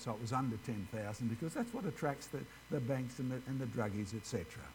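A man's voice: mid-range voice, quick pace, a little mellow, a little hiss or hum, rough recording. Chatty man giving a ministry talk. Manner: chatty, addresses the audience directly. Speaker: creationist ministry speaker. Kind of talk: informal ministry presentation.

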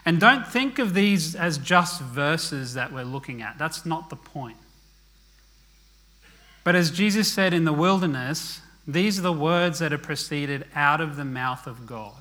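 Man, sermon, bright forceful voice, fairly high pitch, casual asides. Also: lively intonation, measured pace. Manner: earnest, conversational preaching with frequent "okay?" asides; drops to a quiet murmur at the ends of phrases. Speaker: preacher.

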